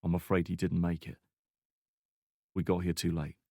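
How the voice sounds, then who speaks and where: A man voicing a calm male CIA operative who gives orders and reassurance in a steady voice. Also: sits low, normal speed, gravelly, husky, no room sound, studio quality, full character voice.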